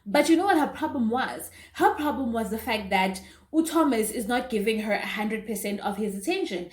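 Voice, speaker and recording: A young South African woman telling a casual storytime, chatty and animated, with asides to her viewers. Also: on the high side, moderate pace. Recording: roomy echo.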